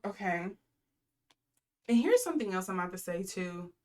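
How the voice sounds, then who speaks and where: A woman's voice: lowish voice, big pitch swings, normal speed, warm tone. A woman in her thirties giving a casual intuitive tarot reading. She rambles with lots of fillers and reels off lists of card keywords. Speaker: tarot reader.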